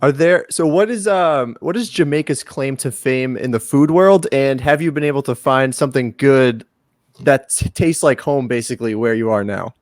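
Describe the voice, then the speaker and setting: A man co-hosting a podcast, asking relaxed, easygoing questions. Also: mid-range voice, normal speed, no room sound, studio quality. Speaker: podcast co-host. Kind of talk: casual podcast interview.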